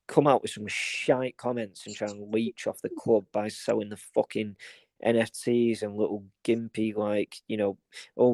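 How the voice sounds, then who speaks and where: A man's voice: fairly low pitch, gravelly, darkish tone, dry recording. A man co-hosting a football podcast, ranting in casual chat and swearing a lot. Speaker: podcast co-host.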